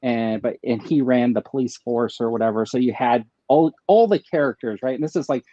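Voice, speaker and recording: Man, livestream guest, rambling, lots of fillers, mellow dark voice, dull lo-fi sound. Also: mid-range voice, fairly quick, no room sound. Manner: rambling, many fillers, laughs easily. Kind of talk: casual livestream chat.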